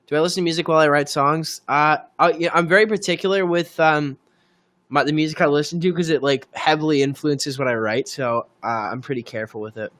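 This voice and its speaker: Young-sounding male songwriter, bright and sharp tone, casual filler-laden livestream chatter. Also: a little high. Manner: rambling, filler-heavy, thanks viewers by name. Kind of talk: casual livestream chat with viewers.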